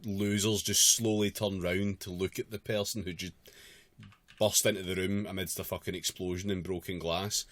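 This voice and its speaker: Low-voiced man ranting sarcastically. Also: a bit bright, no room sound. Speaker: podcast co-host. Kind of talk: casual podcast chat.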